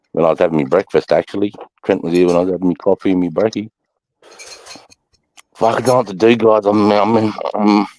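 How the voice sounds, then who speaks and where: An Australian man with a very low voice rambles through a loose livestream chat, swearing freely. The sound is dry and close, with no room echo. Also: warm tone. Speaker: livestream host. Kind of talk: casual chat.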